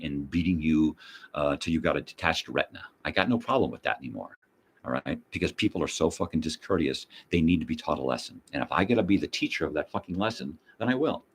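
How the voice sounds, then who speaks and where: A man's voice: rumbling low, slightly rough. An older man hosting his own show, ranting bluntly with heavy profanity and mocking repetition. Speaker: host. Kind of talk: ranting monologue.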